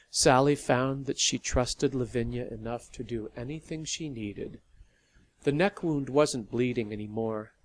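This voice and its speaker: Slow, measured story narrator. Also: mid-range voice. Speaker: narrator of a serialized audio story. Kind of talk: scripted narration.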